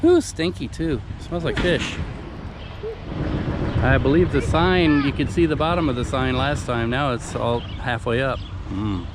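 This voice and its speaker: A man's voice: mid-range voice, a little slow. A man vlogging as he walks outdoors, talking into a small handheld mic in a rambling, offhand running commentary. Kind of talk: casual walking vlog. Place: outdoors, walking around town and by a flooded river. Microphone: small handheld external mic. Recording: noisy outdoor phone-style recording.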